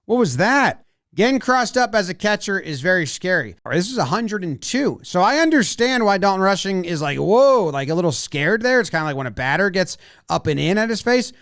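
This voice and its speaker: A man commenting on baseball footage in a playful, lively way, acting out what players might be saying. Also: high-pitched, a little fast, dry recording, clean studio sound. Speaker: baseball video analyst. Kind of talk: animated commentary over game footage.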